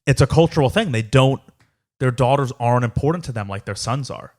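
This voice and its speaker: Guy cohosting a chatty podcast, goofs around w silly accents, mid pitch. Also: brisk, darkish tone. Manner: joking, drops into put-on accents. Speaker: podcast co-host. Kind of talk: casual chat.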